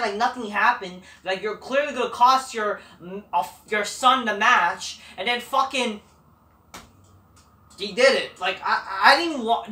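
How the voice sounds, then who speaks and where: A woman's voice: a little high, sharp tone, recorded from a distance. A woman giving a blunt, profane, rambling recap of a wrestling show. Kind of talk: casual ranting recap. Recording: echoey room, away from the mic.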